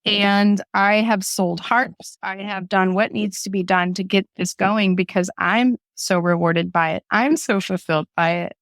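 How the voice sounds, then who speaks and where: Speaking as a guest, a woman talks candidly and emotionally about her grief and how her project began, laughing often along the way. Her medium-pitched voice stays steady and unhurried with hardly any pauses, recorded at studio quality with no echo.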